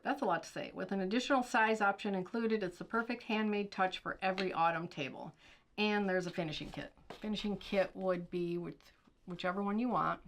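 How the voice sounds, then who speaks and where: A middle-aged woman hosting a casual quilting unboxing, chatting and thinking out loud, with stretches where she reads product blurbs aloud. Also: mid-range voice, a little fast. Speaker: quilting channel host.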